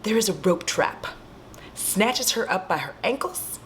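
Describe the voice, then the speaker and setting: A woman's voice: medium pitch, measured pace, a little hiss or hum. A young woman casually retelling a horror movie at home, acting out the screams and lines as she goes. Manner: animated, acts out scenes and screams.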